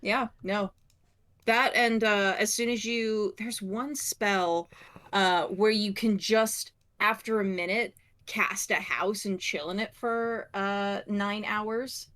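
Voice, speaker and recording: A woman from Michigan chatting casually, laid-back and wry, halting with fillers. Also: medium pitch, steady tone, a bit bright. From United States, Michigan. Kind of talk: casual chat.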